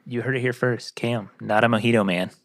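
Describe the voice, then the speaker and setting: A man's voice: mid-range voice, steady tone, brisk, vocal fry, dry recording, studio quality. A man hosting a casual podcast, doing upbeat introductions and joking loosely with friends. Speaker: podcast host.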